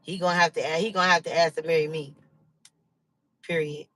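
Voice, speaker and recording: A woman's voice: sits low, steady tone, brisk, fairly bright tone. A woman hosting a casual live chat with viewers, rambling and laughing with many fillers. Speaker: livestream host.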